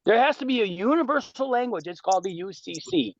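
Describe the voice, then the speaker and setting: A high-pitched man talks with swagger and loose street slang, lecturing and fielding questions over a call. The sound is dull and lo-fi, with a dry, close feel and no room around it. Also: quick pace, creaky, dry recording. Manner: boastful, animated, streetwise slang. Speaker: speaker answering callers on a group call. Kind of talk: casual lecture and Q&A.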